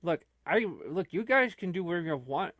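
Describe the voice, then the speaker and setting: Brief: man doing a stammering old man in a panic, lively swooping pitch, bone-dry sound. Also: a little fast, no echo. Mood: alarmed. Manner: rambling, stammering. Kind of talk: comic improvised role-play.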